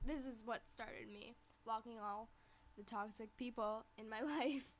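A woman vlogger tells a storytime and reads texts aloud. Her voice sits fairly high, and she talks in a chatty, sassy manner that flares into heat. A faint hiss of noise runs underneath. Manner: chatty, sassy, quick to get heated. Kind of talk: storytime chat reading text messages.

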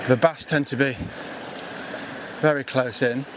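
A man talks his way across a rocky coastline in a loose, rambling way, full of ums and wry self-deprecation. He is short of breath from the climbing. The outdoor recording carries a clear wash of background noise. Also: medium pitch, fairly even intonation, measured pace. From England. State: out of breath from scrambling. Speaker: podcast host. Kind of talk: casual outdoor fishing commentary.

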